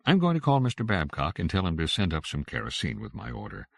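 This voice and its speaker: A man's voice: low voice, wildly swooping pitch, fast talker, creaky, no room sound, voice pushed up, full character voice. A man voicing a polite middle-aged wife who talks with strained, placating patience. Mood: patient.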